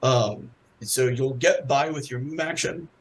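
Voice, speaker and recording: A man running a tabletop game as game master, talking hesitantly with many pauses. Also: mid-range voice, low-quality recording. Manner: hesitant, full of ums and restarts.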